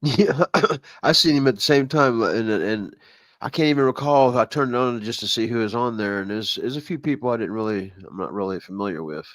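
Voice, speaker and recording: A man's voice: medium pitch, animated, brisk, a bit bright, no room sound. A man co-hosting a casual stream, giving short, easygoing replies. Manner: brief, easygoing replies and chuckles. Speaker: co-host. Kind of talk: casual chat.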